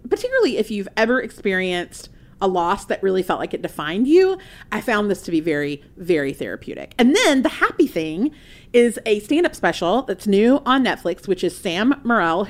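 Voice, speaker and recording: A woman co-hosting a pop-culture podcast, talking in an emphatic, animated, mock-indignant way. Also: medium pitch. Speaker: podcast co-host. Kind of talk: casual pop-culture chat.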